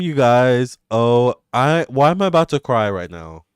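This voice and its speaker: A man, hosting live tarot readings and chatting excitedly with viewers. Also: medium pitch, clear, resonant tone, no echo, clean studio sound. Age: 30s. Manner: excitable and gushing, quick swings between squeals and murmurs. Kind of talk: casual livestream chat with viewers.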